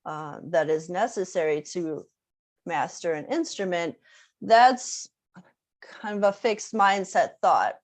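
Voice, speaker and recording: In a lowish, darkish voice, a woman who teaches music talks through an informal online workshop. Her delivery is conversational, sprinkled with fillers and tag questions.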